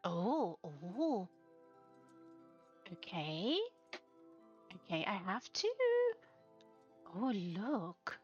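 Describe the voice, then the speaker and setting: A woman streaming a tour of player-built houses, gushing with breathy exclamations and soft whispers between her remarks. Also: lowish voice, very animated, extremely slow, pauses often. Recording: slightly dull lo-fi sound with faint music behind.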